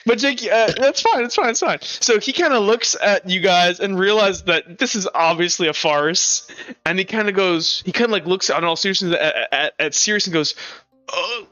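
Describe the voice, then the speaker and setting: High bright-voiced guy game-mastering, stammers a lot, muffled call audio. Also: no echo. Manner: stammering, laughing, quick restarts. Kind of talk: narrating a tabletop game.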